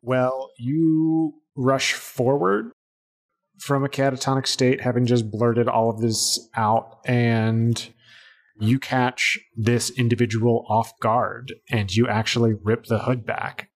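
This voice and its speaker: A man acts as game master for a tabletop game. He narrates scenes and rules in a relaxed, easygoing way, often pausing to search for words. His voice sits at an ordinary middle pitch. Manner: relaxed, chatty, hesitant with fillers while describing scenes.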